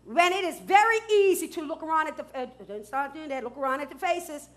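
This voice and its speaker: A woman pastor preaching a sermon, dropping to hushed asides and rising to loud shouts, with features. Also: high voice, animated, a little fast. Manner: swings from hushed asides to loud shouted declarations, laughs often.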